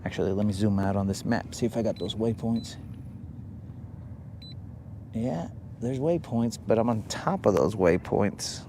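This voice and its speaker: Broadcasting live from a boat on a lake, a fishing host jokes around and teases his viewers, muttering to himself between casts. He speaks in a lowish voice, a little slowly and with frequent pauses, against a noisy background.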